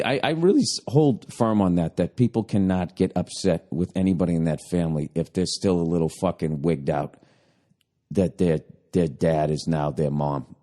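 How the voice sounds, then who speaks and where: A man's voice: low-pitched, mellow. A man with a Boston accent in a profane, mocking comedic rant, swearing and doing voices. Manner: ranting, swearing, mocking imitations. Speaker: comedian, podcast host.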